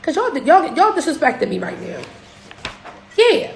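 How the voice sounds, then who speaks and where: A woman's voice: high-pitched, sing-song, a little slow, gravelly, a little hiss or hum. A young woman in Philadelphia giving a profane, fired-up livestream rant, firing off rhetorical questions. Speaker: social media business coach. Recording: echoey room.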